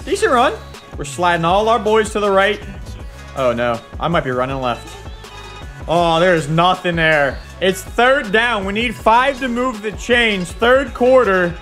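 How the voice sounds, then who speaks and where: Young guy yelling through a football game, voice keeps cracking, high and bouncy, faint music behind. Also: big pitch swings, unhurried. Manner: hyped, shouting at big plays. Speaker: gaming YouTuber. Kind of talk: excited let's-play commentary.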